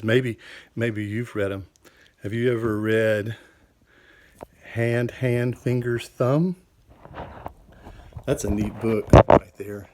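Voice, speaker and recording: An older man teaching a children's class, talking cheerfully to kids and cracking corny jokes from his home office. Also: fairly low pitch. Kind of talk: children's show talk.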